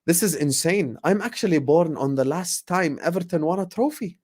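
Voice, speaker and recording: Late-20s guy doing a chill live q&a for his football channel, animated, keeps repeating himself. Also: mid-range voice, fairly quick. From grew up partly in the UAE. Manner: animated, repeats phrases, warm thanks to viewers. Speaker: YouTube football channel host. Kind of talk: casual live Q&A chat.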